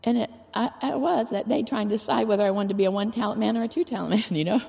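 Gravelly-voiced woman preaching in a hall. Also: mid-range voice, racing, warm tone. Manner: earnest, folksy, repeats phrases for emphasis. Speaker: church speaker. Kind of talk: informal sermon.

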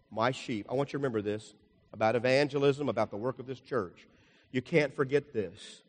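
Older man preaching in an echoing hall. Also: sits high. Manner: folksy and rambling, with jokes and asides. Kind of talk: sermon with slide illustrations. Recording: long hall reverb.

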